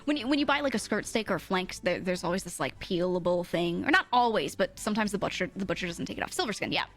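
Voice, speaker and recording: A woman's voice: mid-range voice, lively intonation, fast talker, faint music behind. A woman streamer telling a rambling story in casual chat, swearing freely, often laughing and correcting herself.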